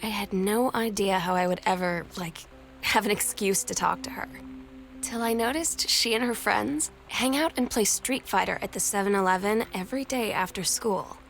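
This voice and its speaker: A shy teenage girl speaks softly and hesitantly about someone she admires. The voice-over is clean game audio with faint music underneath. Her tone is wistful and a little nervous. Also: mid-range voice, normal speed, creaky.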